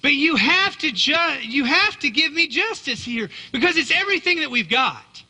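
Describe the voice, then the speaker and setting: A man's voice: extremely high pitch, big pitch swings, normal speed, sharp tone, voice pushed up, exaggerated voice. Man doing a begging widow woman. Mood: pleading. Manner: insistent, begging. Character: desperate pleading widow woman.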